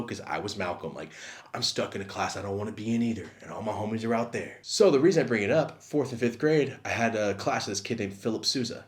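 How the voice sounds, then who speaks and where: A young man telling a funny story from his school days, acting out the quoted lines with big swings in pitch and loudness. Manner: acts out quotes with big jumps in pitch and volume. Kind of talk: animated comedic storytelling.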